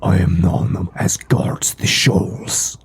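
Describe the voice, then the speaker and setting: Man voicing a menacing fish-man spirit, slow cold whisper, gravelly edge. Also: low voice, flat delivery, pitched below the performer's own voice, exaggerated voice. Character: menacing male hammerhead shark-man spirit.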